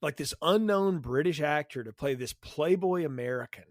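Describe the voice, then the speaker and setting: A man's voice: a little high, expressive, moderate pace, dry recording, clean studio sound. A man co-hosting a film review podcast in casual chat, rambling off into side points as he talks. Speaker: podcast co-host.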